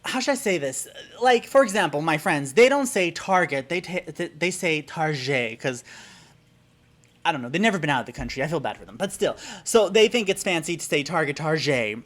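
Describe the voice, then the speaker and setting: A man's voice: on the high side, brisk. Chatty, exasperated man from Germany. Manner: chatty and animated, with exasperated pet-peeve ranting. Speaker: YouTuber. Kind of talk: casual vlog lesson.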